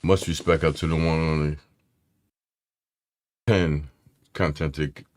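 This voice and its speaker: A man's voice: a bass voice, steady tone, slow pace, a little mellow. A man hosting a casual tech live stream, loose and slangy, greeting his chat by name. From Philadelphia area.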